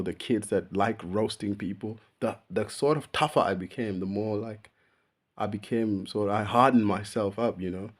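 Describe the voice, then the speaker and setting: A young man chatting casually to camera in a laid-back, slangy way, often calling the listener bro and laughing at himself. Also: on the low side. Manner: relaxed slangy talk, calls the listener bro; laughs at himself while telling stories. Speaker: vlogger. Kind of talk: casual personal chat to camera.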